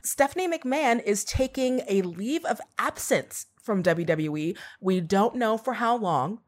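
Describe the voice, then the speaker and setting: A woman's voice: medium pitch, animated, unhurried. A woman hosting a wrestling podcast in casual, friendly chat with plenty of filler words. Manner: friendly, chatty, fills with "like" and "uh". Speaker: podcast host.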